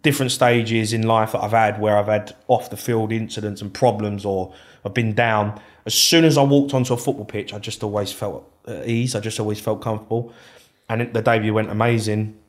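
A man tells his story in a relaxed interview. He is animated and swears freely, putting on other people's voices as he goes. His voice sits low. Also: brisk. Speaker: former footballer, guest.

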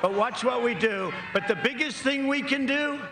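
A man's voice: very high-pitched, moderate pace, background noise. Emphatic man speaking at an echoey rally. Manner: repetitive, emphatic, rambling asides. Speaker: political candidate. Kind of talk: campaign rally speech.

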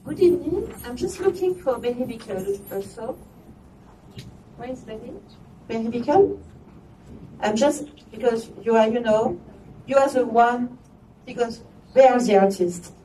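A woman's voice: fairly high pitch, expressive, measured pace, pauses often, mellow, slight background noise. A woman with a French accent, chairperson of an arts organization, gives a formal opening speech with chatty asides and restarts. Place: gallery opening event. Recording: echoey room from far off.

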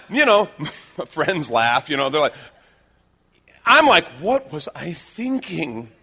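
A man preaching a sermon, telling stories with lively shifts into acted-out quotes. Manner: animated storytelling, acts out quotes with big pitch swings. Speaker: pastor.

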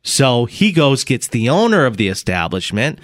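A man hosting a morning radio show in a studio, telling a story in a casual, animated way with laughs and restarts. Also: medium pitch, moderate pace, dry recording. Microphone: studio microphone.

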